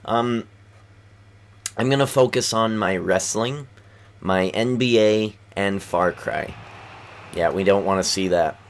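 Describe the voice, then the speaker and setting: A man's voice: lowish voice, slow pace, long pauses. A man giving casual, rambling gameplay commentary at home, keeping his voice down at night, full of fillers and restarts. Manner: kept quiet at night. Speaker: video game commentator.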